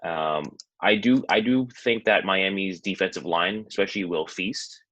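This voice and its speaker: A man's voice: deep voice, moderate pace, a bit bright, no echo, lo-fi sound. A man who is a guest on a sports podcast, giving his football take in a rambling, hesitant way with many fillers. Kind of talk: casual sports talk.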